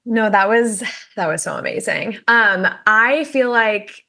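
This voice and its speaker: Bright, chatty young woman guest. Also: medium pitch, unhurried, vocal fry. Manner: chatty, lots of "like" fillers. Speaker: guest dating coach. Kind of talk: casual podcast interview.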